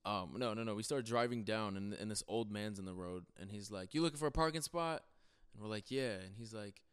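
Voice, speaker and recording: A man's voice: fairly low pitch, fairly even intonation, a little fast, smooth. Laid-back young man telling stories. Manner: laid-back, profane, laughs through his stories. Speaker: podcast host. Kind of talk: casual storytelling chat.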